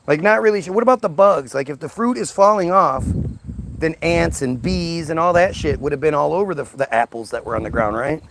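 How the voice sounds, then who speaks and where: A man's voice: fairly high pitch, a little fast, gravelly, background noise. A man telling a crude, rambling comic story as a stand-up monologue.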